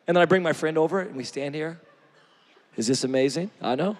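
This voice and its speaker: A man preaching an energetic sermon, joking with the crowd and swinging from shouts to near-quiet. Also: fairly high pitch, quick pace. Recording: long hall reverb.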